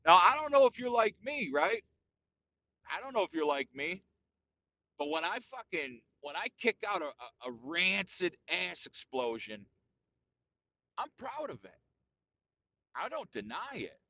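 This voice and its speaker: A man's voice: high-pitched, sing-song, moderate pace, bright, forceful tone, no room sound, lo-fi sound. A man hosting a casual solo podcast rant, talking in a crude, profane and boastful way, calling everyone "dude". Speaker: podcast host.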